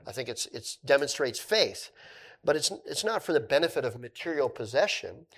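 Speaking at normal speed in a very animated, medium-pitched voice, a male pastor delivers a conversational sermon. He shifts between emphatic points and quieter asides.

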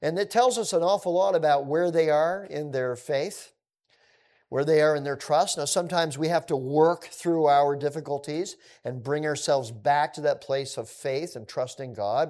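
A man teaching through a scripture passage in a conversational way, with relaxed asides. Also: fairly high pitch, moderate pace.

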